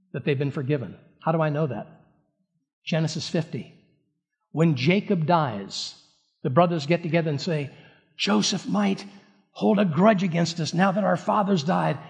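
A pastor preaching a sermon in an animated way, often repeating words and restarting. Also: male voice, high voice, husky.

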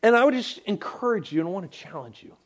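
A man preaching a sermon in a casual, animated way, at times dropping to a near-whisper. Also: high-pitched, quick pace. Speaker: pastor.

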